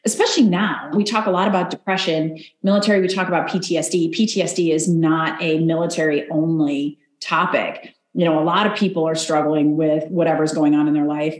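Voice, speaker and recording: A woman interview guest, an Army reservist, telling stories in an earnest, animated way and acting out quoted voices. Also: sits low, reverberant. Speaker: podcast guest, Army Ranger. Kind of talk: conversational interview.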